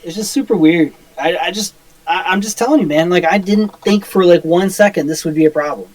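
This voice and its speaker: Higher pitched guy rambling on a podcast, lots of swearing and "like", dry sound. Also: a little fast, a little mellow, no room sound, rough recording. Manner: rambling, swears a lot, full of "like" fillers. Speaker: podcast co-host. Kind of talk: casual chat.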